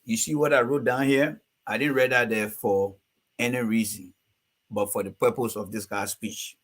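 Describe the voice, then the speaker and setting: A man's voice: medium pitch, steady tone, moderate pace, a bit bright. A man who hosts a political show, commenting on a speech he has just played and talking straight to his listeners. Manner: explanatory, talks straight to listeners.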